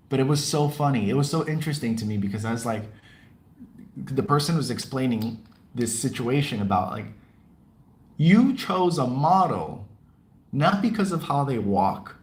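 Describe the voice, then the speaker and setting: A casual male podcast host talking to his livestream audience in a mid-range voice. He rambles a little, laughs often and reads out viewers' comments as he talks. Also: mid-range voice.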